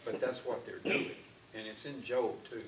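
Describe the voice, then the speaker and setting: A man's voice: mid-range voice, fairly even intonation, normal speed, a bit bright. A man teaching an informal Bible class in a church classroom, talking conversationally with frequent fillers and restarts. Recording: echoey room, distant mic, faint noise.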